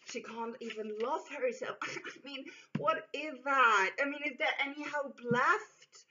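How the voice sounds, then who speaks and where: A woman voicing a pushy, abusive heckler who shouts and sneers, on a dull lo-fi recording. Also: high voice, a little slow, voice pushed up. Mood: sneering. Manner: shouting, rude and scornful.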